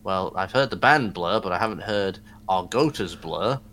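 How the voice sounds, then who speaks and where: Lively, bright-voiced man mocking demos. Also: low voice. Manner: blunt, mocking, quick to judge. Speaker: podcast co-host. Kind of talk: casual chat reviewing demos.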